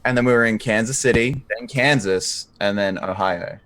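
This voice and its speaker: A man's voice: medium pitch, moderate pace, fairly bright tone, dry recording. A man with an Australian accent chatting casually with fellow players before a game, telling rambling anecdotes with the odd swear word. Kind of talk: casual chat over voice call.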